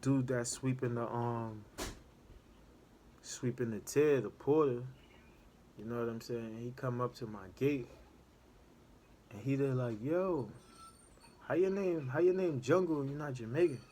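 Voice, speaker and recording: A man spins a long, casual story in loose street talk, keeping his listener with him through constant "you know what I'm saying" check-ins. His voice sits at an ordinary middle pitch. Faint background noise hums under the recording. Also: unhurried, long pauses, mellow.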